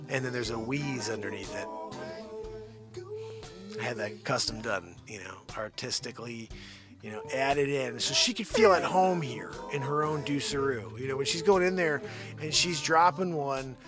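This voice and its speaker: A man's voice: mid-range voice, normal speed, over music. A man hosting a live daily stream, chatting casually and joking as he tells a story and talks to his dogs. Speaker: livestream host.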